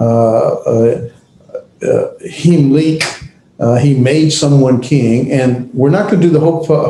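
A man teaching a class, speaking haltingly with many pauses and restarts. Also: mid-range voice, dark tone, reverberant, rough recording. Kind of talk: classroom lecture.

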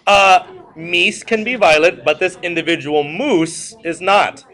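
A male teacher lectures a classroom, his voice sitting a little higher than most men's. He mixes jokes into his stories. He keeps putting questions to the students. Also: measured pace, sharp tone. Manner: joking, storytelling, asks the class questions. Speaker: history teacher.

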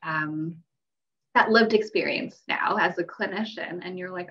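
A woman's voice: fairly low pitch, measured pace. Chatty young woman on a dull distant line. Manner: chatty, laughs while telling, many "like" fillers. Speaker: guest; mental health clinician. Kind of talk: casual podcast conversation. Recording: dull, distant remote-call audio.

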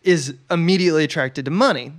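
Smooth-voiced man recapping a film. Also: on the high side, fast talker. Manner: relaxed recapping with frequent fillers. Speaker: podcast co-host. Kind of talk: casual film discussion.

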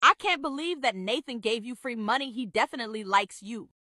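A woman voicing bright pushy best friend. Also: fairly high pitch, fairly quick, no echo, studio quality. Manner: blunt, pushy, teasing. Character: bold teasing girl best friend. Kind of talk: Roblox roleplay voice acting.

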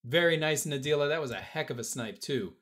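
A man's voice: on the high side, animated, fairly quick, background noise. A man hosting a live-stream auction, joking with bidders and counting down bids. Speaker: auction host.

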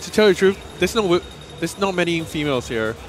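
A man's voice: high voice, animated, fast, slight background noise. A young man chatting casually as a commentator at a gaming tournament, enthusiastic and easygoing. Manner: enthusiastic, easygoing, traveler's anecdotes.

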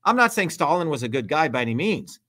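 A man's voice: on the high side, big pitch swings, fast, fairly bright tone. A middle-aged man hosting a livestream, talking bluntly and emphatically with lots of profanity. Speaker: host. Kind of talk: heated livestream talk.

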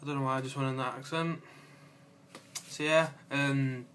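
Excitable young guy vlogging. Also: medium pitch, normal speed, slight background noise. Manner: excitable, giggly, lots of fillers and playful asides. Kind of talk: casual rambling vlog chat.

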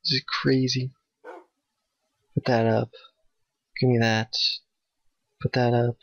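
A man giving nervous, excitable let's play commentary, talking to his in-game dog. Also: medium pitch, slow, creaky. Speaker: gamer playing a Minecraft map. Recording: dull, dry home mic.

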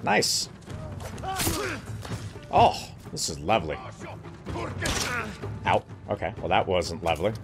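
A man's voice: low voice, big pitch swings, normal speed, pauses often, over loud music. A man giving casual, playful commentary while playing a video game, joking and talking to the characters. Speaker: let's play gamer.

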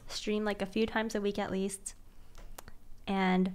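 A young woman streaming, chatting casually and excitedly with viewers, gushing and giggly with lots of slang. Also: medium pitch, slow pace, smooth.

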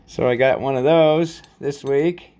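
A man casually rambling through a show-and-tell vlog about his collection, halting often with fillers and folksy sign-offs. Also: medium pitch, warm tone. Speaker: coin collecting vlogger.

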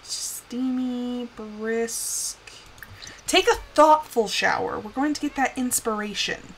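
A young woman giving casual live commentary on a life-sim game, chatty and scolding her characters with bursts of excitement. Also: fairly high pitch, slow, poor audio.

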